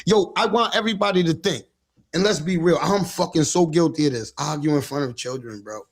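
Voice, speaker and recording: A man with a high, gravelly voice speaks straight to his livestream audience. His talk is blunt and full of swearing, and he keeps stopping, restarting and repeating himself. He comes across as a father working through his own guilt in a loose street-talk monologue. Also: brisk. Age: adult father. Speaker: livestream host giving parenting talk. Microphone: livestream setup.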